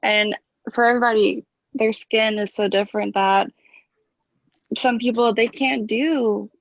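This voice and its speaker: A woman's voice: a little high, fairly even intonation, a little slow, vocal fry, no room sound. A woman chatting casually as a podcast guest, laid-back and laughing often. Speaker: guest, makeup artist. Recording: dull, lo-fi remote audio.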